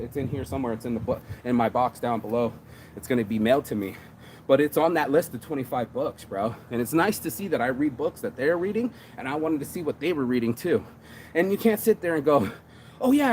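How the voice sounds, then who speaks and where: A middle-aged man hosting a morning motivation show, talking fast and profane, calling everyone "bro". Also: mid-range voice, a little hiss or hum. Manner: profane, energetic, says "bro" a lot. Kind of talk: fired-up casual motivational rant.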